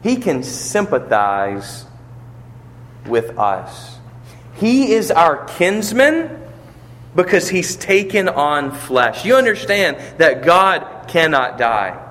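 A man's voice: on the high side, sing-song, slow pace, a bit bright. A man preaching a sermon, building to emphatic peaks and asking rhetorical questions, in a church or funeral hall. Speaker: pastor. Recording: long reverb of a large hall.

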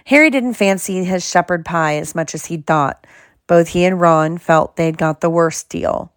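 Calm woman reading a storybook aloud. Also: lowish voice, dry recording, studio quality. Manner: calm, measured narration. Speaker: audiobook reader.

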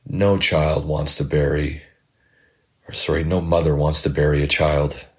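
A middle-aged man, a podcast host and life coach, reflecting in a halting, heartfelt monologue that often repeats words. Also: a bass voice, little pitch movement.

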